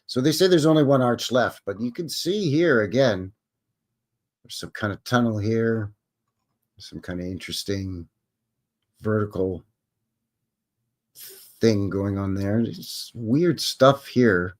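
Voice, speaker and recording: A Canadian man talks off the cuff on a live stream, rambling and joking in folksy slang. His pitch swings up and down freely and keeps the talk animated. The feel is loose and unscripted. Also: slow, long pauses. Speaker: host. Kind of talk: casual live-stream chat.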